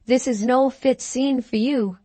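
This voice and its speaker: A woman's voice: sits high, steady tone, unhurried, dark tone, no echo, pitched above the performer's own voice. A woman voicing an earnest, resolute young man in a storybook, speaking up with raised delivery. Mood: urgent.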